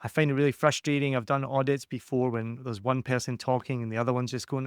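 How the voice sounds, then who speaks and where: A man hosting a podcast who coaches his guest in a lively, conversational way and acts out quotes with added pitch. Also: quick pace, clear, resonant tone, no echo, studio quality.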